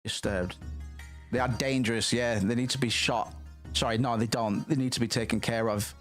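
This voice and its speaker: A male streamer chats casually as he reacts to tracks. His talk rambles, jumps quickly into excitement, and is full of swearing. His voice sits at a medium pitch, with faint music behind him.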